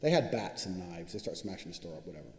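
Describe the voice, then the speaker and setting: This course instructor's low, sing-song, slightly mellow voice carries an unscripted motivational talk packed with swearing, boasting, and rapid storytelling. It's recorded in an echoey room with a long reverb.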